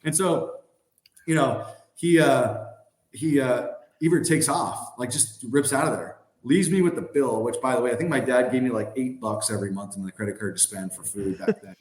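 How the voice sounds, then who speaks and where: Brief: man in his thirties, mid-pitched voice, chatty podcast guest storyteller with a loose, filler-heavy delivery. Roomy echo on the recording. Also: moderate pace. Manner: animated, acts out quoted voices, many "like" and "I mean" fillers. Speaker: podcast guest, former hockey player. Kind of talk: casual storytelling.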